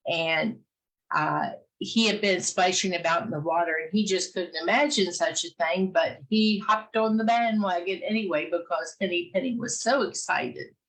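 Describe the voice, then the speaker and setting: A woman telling a children's fairy tale in a casual, gentle way, pausing often with "uh". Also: lowish voice, low-quality recording. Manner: gentle, many "uh" pauses. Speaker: storyteller. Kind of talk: casual storytelling, reading a fairy tale aloud.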